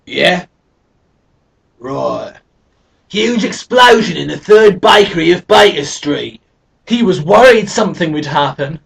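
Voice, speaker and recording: A performer voicing an excitable, hapless male sidekick in a fan parody. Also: medium pitch, slow, gravelly, long pauses, slightly rough, recorded from a distance, exaggerated voice. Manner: excitable, lively. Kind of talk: fan parody audio drama.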